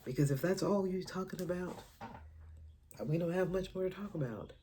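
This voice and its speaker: A woman's voice: on the low side, normal speed, dark tone, slight background noise. A woman vlogger and stand-up comedian chatting casually to camera. She rambles, laughs often and drops into whispers. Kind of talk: casual spiritual chat to camera.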